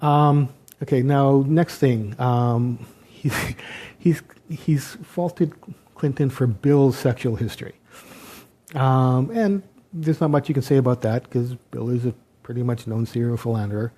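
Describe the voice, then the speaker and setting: A man giving an unscripted political commentary, hesitant and halting, with sardonic asides. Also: mid-range voice, dark tone. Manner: hesitant, many ums and restarts, sardonic asides.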